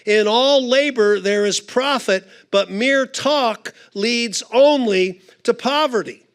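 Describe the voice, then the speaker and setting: A man's voice: very high voice, slow, clean tone. A middle-aged man speaking at a conference, telling a funny story and acting out the voices in it. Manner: animated storyteller, acts out voices. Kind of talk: humorous storytelling talk.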